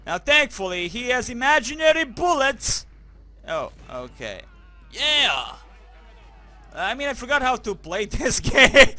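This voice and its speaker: A man giving crude, joking, excitable commentary while playing a video game, now and then crying out German phrases. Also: very high-pitched, unhurried. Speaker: gaming commentator. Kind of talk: let's play commentary.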